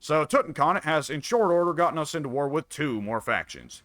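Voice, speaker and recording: A man's voice: fairly high pitch, expressive, brisk, hardly any pauses, fairly bright tone, dry recording. A man casually commenting on his own strategy game, musing and wry, talking half to himself. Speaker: gameplay commentator.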